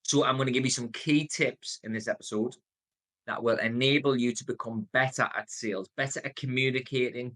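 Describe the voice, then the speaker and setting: A man in his thirties with a Geordie accent, giving a motivational sales coaching talk, stressing words, pausing on purpose and shifting his pace. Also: medium pitch, fairly bright tone. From North East England. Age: 30s. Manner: varies tone and pace, deliberate pauses, emphatic.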